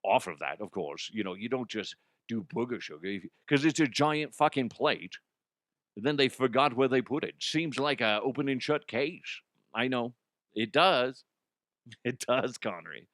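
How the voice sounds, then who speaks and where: A man's voice: mid-range voice, moderate pace, a bit bright, no room sound, clean studio sound. Swearing, laughing male podcast host. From Colorado. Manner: chatty, laughing, swears freely. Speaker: podcast host, former radio voiceover. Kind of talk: casual profane comedic rant.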